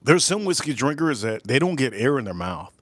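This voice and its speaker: A man hosting a whiskey livestream, reading chat comments aloud with crude jokes and rambling asides. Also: brisk. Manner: animated pitch swings, pitch jumps up when exclaiming. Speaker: livestream host reviewing whiskey.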